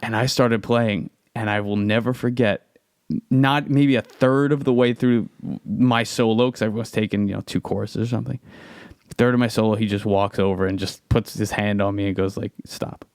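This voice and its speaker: A man's voice: fairly low pitch, steady tone, normal speed, darkish tone, no echo, studio quality. A man hosting a podcast, telling stories in a chatty, casual way, full of filler words. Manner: chatty storyteller, full of "like" and "you know". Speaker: podcast host. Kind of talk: casual interview conversation.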